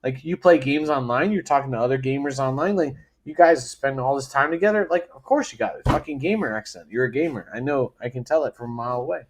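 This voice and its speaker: A man's voice: mid-range voice, fast talker, hardly any pauses, a little hiss or hum. A man from England joking around with friends on a podcast, profane and insistent as he makes his case. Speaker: podcast co-host. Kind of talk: casual podcast banter.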